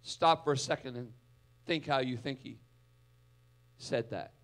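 A male pastor preaching a sermon in a church, dramatic, swinging from loud to hushed. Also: medium pitch, a little slow.

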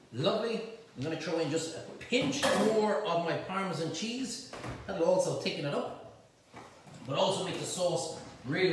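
A man's voice: fairly high pitch, very echoey, recorded from a distance, background noise. A man hosting a casual cooking demonstration, chatty and jokey as he cooks and talks to his helpers in a home kitchen. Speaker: cooking show host.

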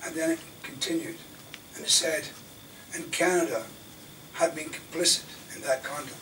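An older man from Scotland, a defence lawyer, gives a fiery public lecture at a moderate pace, his raised voice making huge pitch swings. His indignant rhetoric moves from loud emphasis to near-whispers, and faint room noise comes through the distant mic at the back of the hall.

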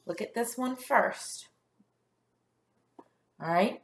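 A woman teacher leading a first grade phonics lesson, sounding out letters slowly and praising the class. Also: on the high side, slight background noise. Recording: echoey room.

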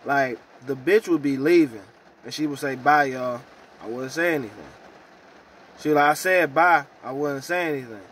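A man ranting in a profane, heated vlog about trouble at work, swinging from loud outbursts to low mutters. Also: lively intonation, brisk, a little hiss or hum. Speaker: vlogger.

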